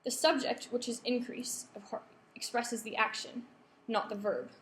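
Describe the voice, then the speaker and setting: A woman's voice: fairly high pitch, steady tone, normal speed, a bit bright. Woman lecturing in an echoey room. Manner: checks in with the audience, polls the room. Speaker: workshop presenter. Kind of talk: lecture to students. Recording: echoey room, faint background hum.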